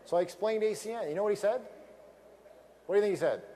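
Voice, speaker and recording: A man giving an energetic motivational speech at a sales event, emphatic and repetitive, telling stories from a stage microphone. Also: sits high, fast talker, a little hiss or hum.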